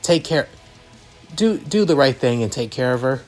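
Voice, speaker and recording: A man's voice: mid-range voice, lively intonation, moderate pace, darkish tone, soft background music, lightly acted. A man voicing a laid-back young man who teases in a dry, offhand way, reading a fan story aloud.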